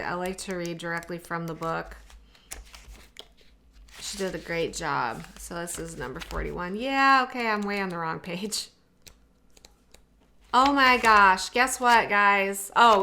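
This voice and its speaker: A middle-aged woman talks through an oracle card reading in a relaxed, chatty way. She reads passages aloud from a guidebook and breaks off into heartfelt personal asides. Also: medium pitch, a little hiss or hum. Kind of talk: casual tarot-style reading to camera.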